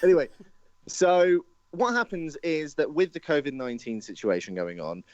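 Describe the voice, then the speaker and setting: A man running the timeline on a casual live show, relaxed and a little sweary. His voice comes through dry and slightly muffled, like a modest home mic. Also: fairly high pitch, moderate pace, dry recording. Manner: steers the talk, swears casually. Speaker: podcast co-host.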